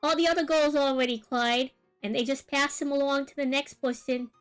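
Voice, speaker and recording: Her voice high-set and steady at normal speed, a young woman streams herself drawing with soft music behind her. She chats casually through a long personal story, rambling with lots of fillers and asides.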